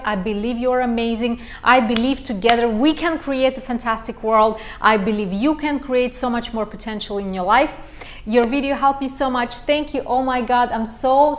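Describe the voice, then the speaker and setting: A fairly high-pitched woman runs a live coaching stream, chatting straight to her viewers. She is effusive and enthusiastic, and keeps repeating words of praise as she reads their comments aloud. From Romania. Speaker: life coach. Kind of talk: livestream chat reading viewer comments.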